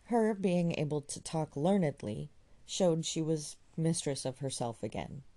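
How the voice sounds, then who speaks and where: A woman narrates a classic novel in a measured, expressive reading style. Her voice sits on the low side and moves with lively pitch. It has a mellow tone with a gravelly grain. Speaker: audiobook reader.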